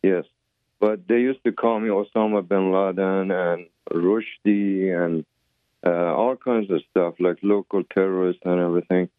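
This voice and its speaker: A man's voice: sits low, fairly even intonation, unhurried, clean tone, no room sound. A man who came from abroad calling in to a radio show by phone, emotional, earnest and hesitant. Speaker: caller. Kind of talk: phone call-in. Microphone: telephone. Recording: narrow telephone line.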